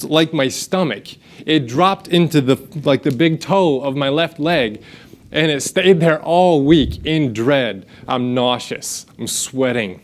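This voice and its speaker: A man, preaching a sermon and telling a self-deprecating story that he acts out in quotes. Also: on the high side. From United States. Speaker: pastor. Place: church sanctuary.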